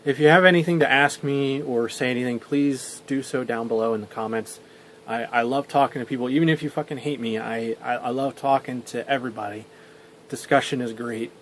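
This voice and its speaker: A man's voice: medium pitch, steady tone, a little fast, a bit bright, slight background noise. A young man telling a story for a vlog. He rambles, swears and restarts his sentences often. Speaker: vlogger.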